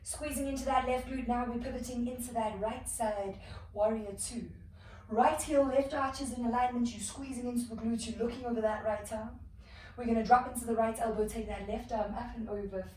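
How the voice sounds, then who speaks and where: A woman's voice: on the high side, a little fast. Echoey, distant yoga instructor woman. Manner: calm, flowing cues with soft exhales between moves. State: slightly out of breath. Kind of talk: guided yoga class instruction. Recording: echoey room, distant mic, faint noise.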